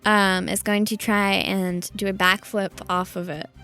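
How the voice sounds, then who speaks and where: A woman playing in a tabletop game, giggly and hesitant, often pausing with ums. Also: mid-range voice, level tone, bright, forceful tone, soft background music. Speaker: player.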